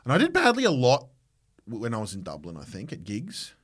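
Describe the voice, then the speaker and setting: An Australian comedian hosting a podcast tells a rambling story in casual chat, restarting often and mimicking voices. His mid-range voice swoops wildly in pitch, moves fairly quickly, and has a fairly bright tone.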